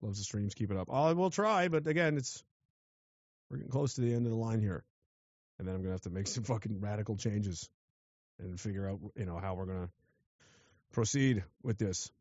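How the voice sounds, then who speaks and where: A man's voice: on the low side, fairly quick, pauses often, darkish tone, no room sound, lo-fi sound. A man from western Canada, ranting sardonically and profanely while reading chat on a livestream. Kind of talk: rambling livestream rant.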